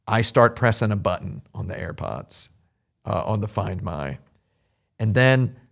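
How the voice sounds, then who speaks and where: A man with a fairly low voice and a gravelly, fry-laden edge is hosting a show. He tells a long anecdote in a loose, chatty way. He often circles back and restarts his sentences as he goes. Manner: rambling, animated anecdote with frequent restarts. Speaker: host. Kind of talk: casual storytelling chat.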